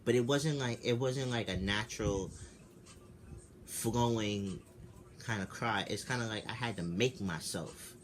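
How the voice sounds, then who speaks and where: A man in his twenties, just woken up, tells a personal story in a casual vlog over noisy background ambience. His voice is fairly low and his pace measured, and he is candid and rambling, swearing freely.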